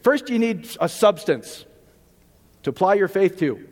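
High-voiced animated male preacher in a hall. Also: measured pace. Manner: animated, jokey, rhetorical questions. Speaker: pastor. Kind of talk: sermon.

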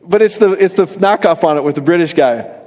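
The long reverb of a church hall surrounds a middle-aged man giving a lighthearted, conversational sermon, regularly quizzing the congregation and laughing at his own jokes. His voice sits high, moves fairly quickly, and is a little mellow.

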